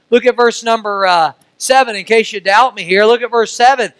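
A middle-aged man from Missouri preaching a sermon as pastor. He uses call-and-response questions and swings from soft to loud. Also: sits high, brisk, few pauses, smooth, dry recording, poor audio.

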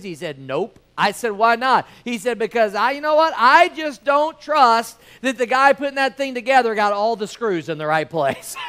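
A man's voice: extremely high pitch, fairly bright tone. A middle-aged man preaching a sermon in a church, conversational and joking, calling out to the congregation for amens. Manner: conversational, joking preacher with audience call-outs. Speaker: pastor. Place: church sanctuary with balcony.

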